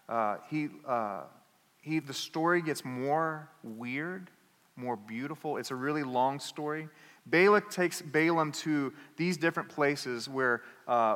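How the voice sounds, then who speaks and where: A man preaching a sermon as pastor, telling a story in an animated way and acting out the characters. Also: on the high side, big-room sound. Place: church.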